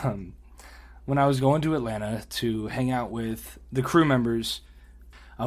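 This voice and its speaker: A man on a podcast telling a story in a casual, animated way, swearing and laughing as he goes. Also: medium pitch. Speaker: podcast co-host.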